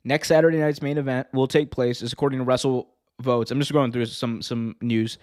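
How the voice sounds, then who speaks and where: His mid-range voice is a little mellow, a bit fast, and fairly even in intonation. He's a podcast host on a casual wrestling news show, meandering, joking, and self-correcting throughout.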